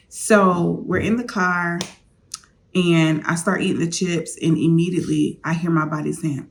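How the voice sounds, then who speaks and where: A woman's voice: fairly low pitch, moderate pace, creaky, a little hiss or hum. A woman vlogger candidly telling a personal story, confiding straight to her viewers.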